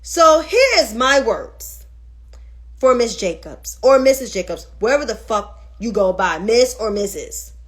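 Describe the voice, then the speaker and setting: A woman's voice: on the high side, very animated, measured pace. A woman hosting a political commentary livestream, ranting heatedly and with lots of swearing, and answering viewers' comments as she goes. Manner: talks back to viewers' comments.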